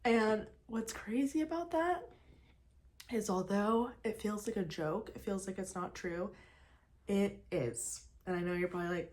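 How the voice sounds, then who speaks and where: A woman's voice: medium pitch, a little slow, darkish tone. A young woman chatting casually while getting ready, talking about faith and surrender, with lots of restarts and fillers. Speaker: faith vlogger. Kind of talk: casual get-ready-with-me chat. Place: at home.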